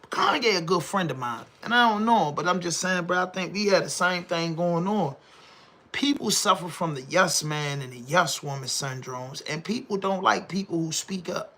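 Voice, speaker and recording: A man with a Baltimore accent holds forth on his podcast in an animated, slangy rant. His voice sits high and sounds sharp and bright, and he keeps firing off rhetorical questions. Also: normal speed. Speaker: podcast host. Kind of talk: casual commentary monologue.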